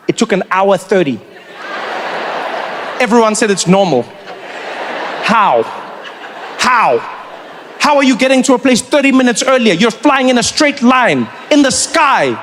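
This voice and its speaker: Animated South African male comedian. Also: sits high, slight background noise. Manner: animated, acts out other people's voices. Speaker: stand-up comedian. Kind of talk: stand-up comedy routine.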